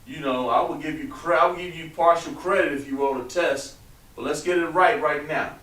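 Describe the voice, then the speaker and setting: Captured on a distant, roomy mic with background noise, this teacher speaks a little fast in a voice on the high side, a bit bright. He gently coaxes the class and lets his words trail off while writing on the board.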